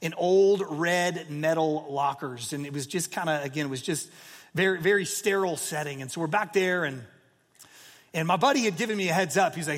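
High-voiced storytelling pastor in a hall. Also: male voice, a little fast, a bit bright. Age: 40s. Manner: storytelling, conversational with many fillers. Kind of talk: sermon.

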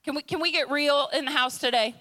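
A woman's voice: high-pitched, fast talker, pushed and bright. A middle-aged woman preacher giving a sermon in a humorous, conversational way, full of playful impressions. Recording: long reverb in a large hall.

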